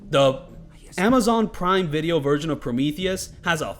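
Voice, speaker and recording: A man talks loosely over his gameplay in a bright, slightly raised voice. His pitch swings a lot as he rambles, curses, and piles on "like" and "you know" between thoughts. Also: lively intonation, normal speed. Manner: rambling, profane, lots of fillers. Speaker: gaming commentator. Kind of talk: casual gameplay commentary.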